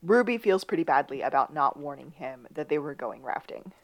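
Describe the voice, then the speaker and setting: Woman podcast co-host with a lively, swooping voice. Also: fairly quick. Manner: lively, swings between high bursts and low asides. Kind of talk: casual recap chat.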